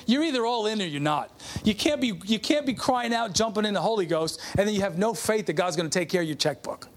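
Middle-aged male pastor with a high voice, preaching a conversational testimony sermon. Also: lively intonation, fast talker. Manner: conversational, calls out to the congregation.

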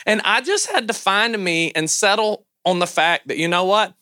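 A man with a Southern American accent preaching a sermon as a pastor, loud, animated and self-deprecating. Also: high-pitched, moderate pace, no room sound, clean studio sound.

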